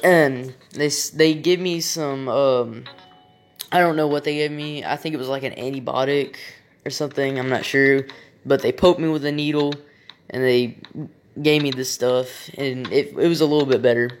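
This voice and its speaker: A man's voice: mid-range voice, fairly even intonation, moderate pace, slight background noise. Rambling, profane young man telling a story. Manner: rambling, profane, frequent restarts and fillers. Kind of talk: casual personal anecdote.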